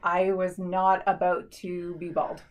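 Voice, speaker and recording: A Canadian woman in her thirties co-hosting a casual podcast chat, telling stories lively and mimicking people in high voices. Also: slow pace. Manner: animated storyteller, mimics others in high voices. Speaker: podcast co-host.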